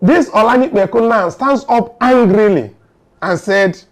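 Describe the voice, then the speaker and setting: A Nigerian man recapping the news as a commentator, animated and acting out exchanges, with hesitant fillers between points. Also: high voice, measured pace. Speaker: political commentator.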